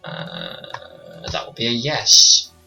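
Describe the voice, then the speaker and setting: A man's voice: a bass voice, huge pitch swings, very slow, vocal fry, sharp tone. A man running a tabletop game on stream as game master, narrating attacks and rolls in a casual, swearing manner, muttering to himself between turns. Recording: slightly dull streamed audio with faint music.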